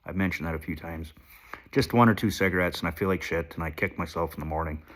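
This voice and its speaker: A man's voice: deep voice, fast. A man vlogging into a handheld phone while sick and shaky, with stuffed-up sinuses, rambling, swearing and putting himself down. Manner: rambling, sweary, self-deprecating. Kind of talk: casual confessional vlog.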